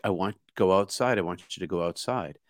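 A man voicing a gentle, ancient spirit elephant in a soft, hushed, whispery tone. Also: low-pitched, brisk, dry recording, clean studio sound, lightly acted. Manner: soft and calling.

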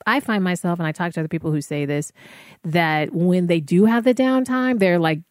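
A woman's voice: deep voice, a little mellow, dry recording, clean studio sound. A woman speaking casually to fellow artists, giving encouraging wellness advice with frequent fillers. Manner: conversational, encouraging, many fillers.

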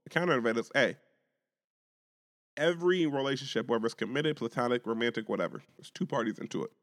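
A man's voice: mid-range voice, expressive, quick pace, fairly bright tone, long reverb tail. A man co-hosting a podcast, arguing his point in casual, profane chat and often restarting his sentences. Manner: argumentative, stammering restarts, profane. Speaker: podcast co-host.

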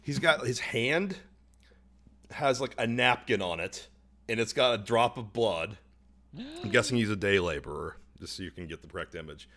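A man's voice: on the low side, moderate pace. A young man co-hosting a podcast, telling a story casually and profanely and acting out the other people's lines. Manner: profane, animated, acts out dialogue in voices. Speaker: podcast co-host.

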